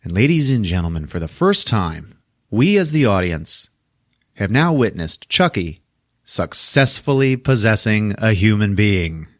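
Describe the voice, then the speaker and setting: A man with a very low voice recaps a horror movie for his podcast in a casual, animated way. He laughs often and swears freely. The recording is dry and close, with no room sound. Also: measured pace, dry recording. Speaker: podcast host.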